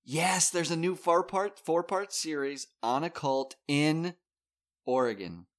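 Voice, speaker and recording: A man co-hosting a podcast in casual chat, reacting with quick jokes. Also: fairly high pitch. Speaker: podcast co-host.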